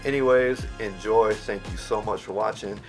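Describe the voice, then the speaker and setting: A man from Illinois hosting an English-teaching vlog, talking in a relaxed, slangy way and explaining with examples. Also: lowish voice, normal speed, faint music behind. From Illinois, USA. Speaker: English teacher and video host. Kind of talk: casual talking-to-camera vlog.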